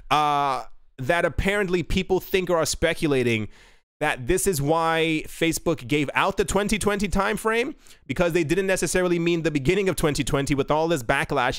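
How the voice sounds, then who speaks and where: A man's voice: a little high, a bit bright, clean tone, dry recording, clean studio sound. A man hosting a crypto news show, reading out articles and adding rambling, self-correcting asides.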